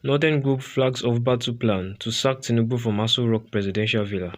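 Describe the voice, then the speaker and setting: A man from Nigeria reading a news report aloud, loud and often stumbling and restarting words. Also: medium pitch, brisk. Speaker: news reader.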